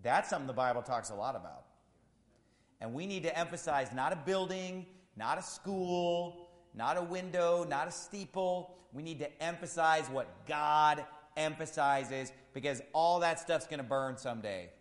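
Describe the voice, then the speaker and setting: A male pastor preaching an impassioned sermon, swinging between loud shouts and quiet, low asides. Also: normal speed. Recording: long hall reverb.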